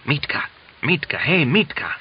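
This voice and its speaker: A man's voice: on the high side, very animated, measured pace, breathy edge, pitched above the performer's own voice, full character voice. A man voicing a fussy, easily alarmed old grandfather who grumbles and scolds, in a dull lo-fi audiobook recording. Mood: urgent whisper. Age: older.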